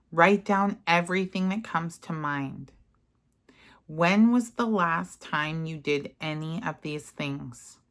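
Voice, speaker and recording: A woman leading a guided mirror-work lesson, speaking gentle, soothing affirmations. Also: lowish voice. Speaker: self-help guide.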